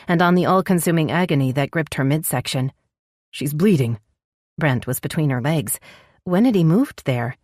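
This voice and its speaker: A woman narrating an audiobook romance in a measured storytelling voice. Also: deep voice, a little mellow, dry recording, clean studio sound.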